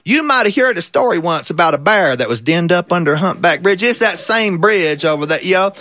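A man voicing an old country farmer who tells a tall tale in a folksy, rambling, deadpan way with a drawl. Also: sits high, a little fast, no echo, studio quality. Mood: earnest.

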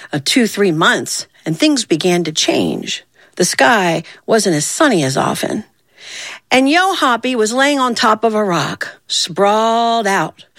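A woman telling a children's story in an animated, folksy way. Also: fairly high pitch, dry recording, studio quality. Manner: animated, folksy, voicing characters.

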